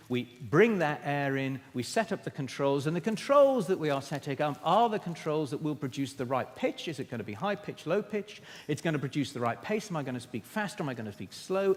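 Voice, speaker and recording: A man giving a motivational keynote on stage, emphatic and theatrical, speaking straight to his audience. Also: fairly high pitch. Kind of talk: keynote talk. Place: stage in a conference hall. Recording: echoey hall.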